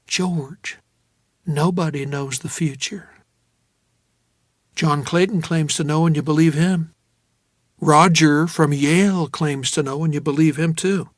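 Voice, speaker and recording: A tender, anxious young woman, as a male narrator gives her voice in an audiobook. She talks softly and quietly, close and intimate, in a fairly high register. The recording is dry and close. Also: steady tone, measured pace, pauses often, no echo, close to an everyday voice. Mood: teasing.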